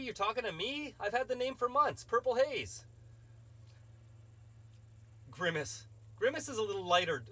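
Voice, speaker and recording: A man's voice: high voice, bright, forceful tone, husky. A man hosting a live stream, reading chat questions and rambling through opinionated casual answers.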